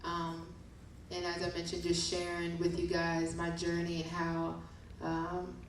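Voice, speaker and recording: Slow soft-spoken woman in an echoey room. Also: on the low side, monotone. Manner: slow, soft, reflective, with fillers. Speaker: author reading her poetry. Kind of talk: poetry reading and casual chat. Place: event room at a book release show. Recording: very echoey room, distant mic, faint noise.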